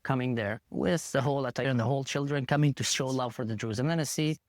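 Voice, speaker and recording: A man guest telling a first-hand story in an animated, emotional way, acting out what others said. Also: fast talker, no echo, studio quality. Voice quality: animated, acts out quotes with big pitch jumps.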